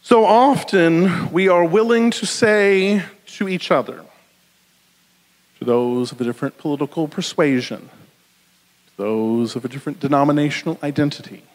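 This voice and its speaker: A man preaching a sermon in a lively, conversational way, often checking in with "right?". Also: on the high side. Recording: long hall reverb.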